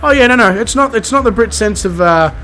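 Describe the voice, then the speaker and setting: A man's voice: high voice, lively intonation, brisk, bright, forceful tone, slight background noise. A man with an Australian accent, streaming a flight game and chatting casually with his viewers in a rambling, self-mocking way. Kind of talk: casual chat with live viewers.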